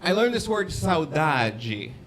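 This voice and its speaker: A man performing a standup set, telling a quick story and putting on foreign voices. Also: fairly high pitch, very animated, a bit bright, slight background noise. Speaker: standup comedian.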